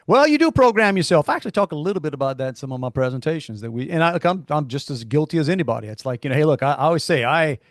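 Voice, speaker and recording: Lively high-voiced man, folksy. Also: very fast, few pauses, no room sound, studio quality. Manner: folksy, preachy pep talk, says "y'all" a lot. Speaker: co-host. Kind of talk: casual podcast chat.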